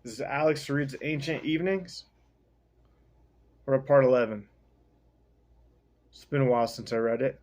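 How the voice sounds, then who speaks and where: A man hosting a podcast, casually recapping and reading a novel with slangy, rambling, deadpan asides. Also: medium pitch, moderate pace, pauses often.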